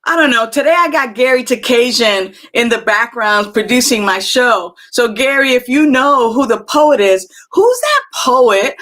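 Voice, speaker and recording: A woman hosting a live spiritual talk show, speaking gently and reflectively with many fillers and restarts as she answers chat comments. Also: a little high.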